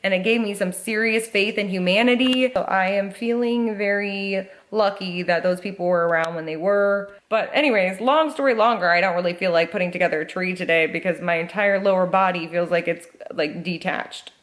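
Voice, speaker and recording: Animated young woman vlogger telling a story. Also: medium pitch, brisk, hardly any pauses. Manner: animated, acts out quoted voices, frequent "like". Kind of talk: casual storytelling vlog.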